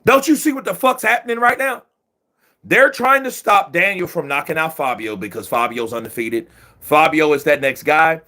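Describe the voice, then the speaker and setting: A man with a fairly high voice speaks at a moderate pace, giving profane, excitable live commentary as he watches a boxing match and often shouts at the referee.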